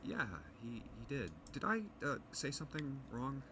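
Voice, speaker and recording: A man's voice: medium pitch, sing-song, normal speed, bright, forceful tone. An actor voicing a confused young man in a video game, hesitant and baffled, full of "huh" and "uh". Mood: flustered.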